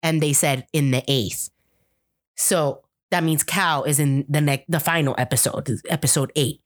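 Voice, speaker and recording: A woman's voice: low-pitched, fairly even intonation, moderate pace. A young woman co-hosting a podcast in casual chat, rambling with lots of "like" and acting out quotes from the show. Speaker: podcast co-host.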